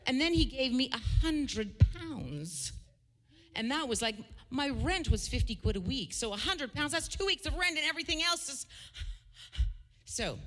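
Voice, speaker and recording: A singer-songwriter woman telling an animated, chatty story before a song, with laughing asides. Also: on the high side, big-room sound.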